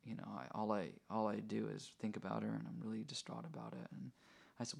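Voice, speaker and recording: Podcast host guy, real gravelly fry in his voice, kinda husky, earnest storytelling. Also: fairly low pitch, steady tone, brisk, a little mellow. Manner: earnest, reflective. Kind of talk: conversational storytelling.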